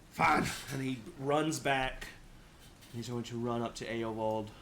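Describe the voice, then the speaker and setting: A man's voice: medium pitch, fairly even intonation, unhurried, noisy background. A man narrating a tabletop game as game master, casual and laid-back, chuckling often.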